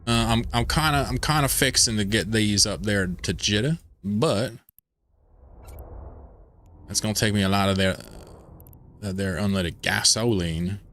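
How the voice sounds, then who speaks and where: A man's voice: on the low side, a little slow, pauses often, fairly bright tone. A man voicing a swaggering, stubborn Southern redneck with an exaggerated Southern US drawl, folksy and cussing. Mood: ornery.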